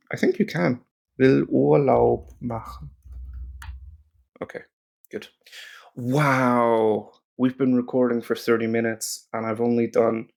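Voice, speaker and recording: An Irish man muses aloud through his German practice, wandering off on tangents and poking fun at himself. He talks slowly, with a gravelly, creaky edge to his voice. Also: mid-range voice. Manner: rambling, self-mocking, talking to himself. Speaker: German-learning video creator. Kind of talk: thinking aloud while doing app lessons.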